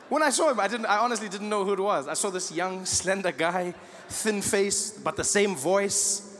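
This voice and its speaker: A man's voice: high-pitched, normal speed, a bit bright. A stand-up comedian from South Africa in his thirties, telling stories animatedly and acting out voices and siren noises at a live show. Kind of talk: stand-up routine. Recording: live show in a large reverberant hall with audience noise.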